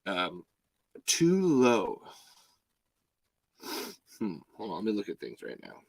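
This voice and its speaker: A man's voice: fairly low pitch, slow pace, gravelly, poor audio. A man hosting a casual live podcast from a home mic, rambling and swearing freely. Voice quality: profane, rambling, animated. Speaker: podcast host.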